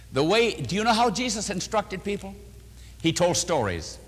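An older man preaching and answering questions, telling stories with lively, animated delivery. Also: husky, big-room sound. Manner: animated storytelling, voices quotes with rising pitch. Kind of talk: sermon.

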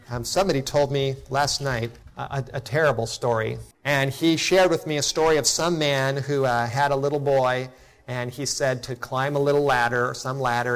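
A middle-aged man preaching a sermon to a congregation, telling a personal story in an earnest way that drops to a hush at tender moments. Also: mid-range voice. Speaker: pastor.

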